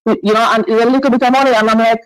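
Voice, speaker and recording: A woman calling into a talk show, talking in an earnest, halting way that repeats and restarts phrases. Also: a little high, fairly even intonation, dry recording, low-quality recording. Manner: emotional, earnest. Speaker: caller. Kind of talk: phone-in chat.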